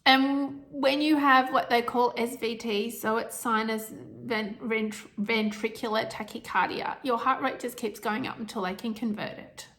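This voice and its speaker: A middle-aged woman telling a personal health story to camera, emotional and halting, with restarts and nervous laughs. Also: a little high, steady tone, fairly bright tone.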